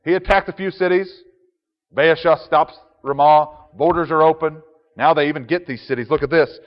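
A man's voice: fairly high pitch, muffled recording. Man preaching in a reverberant hall. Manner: conversational, chuckling asides. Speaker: pastor. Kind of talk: sermon.

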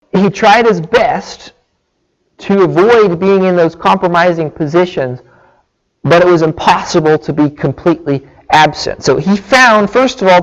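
A man's voice: high-pitched, highs cut off. A man preaching a sermon, earnest and illustrative, with small restarts. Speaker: pastor.

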